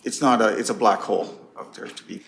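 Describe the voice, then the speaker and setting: A man speaking as a county councillor in a council meeting debate, blunt and halting, with many restarts. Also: lowish voice, creaky, fairly bright tone, a little hiss or hum.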